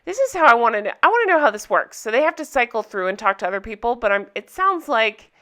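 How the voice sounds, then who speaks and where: A chatty young woman talks straight to her viewers, recapping a show in an easy, candid way and laughing often. Her voice sits a little high and sounds bright and forceful. The tone stays smooth and crisp throughout. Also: sing-song, fast talker. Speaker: reality TV recap vlogger. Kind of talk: casual recap chat to viewers.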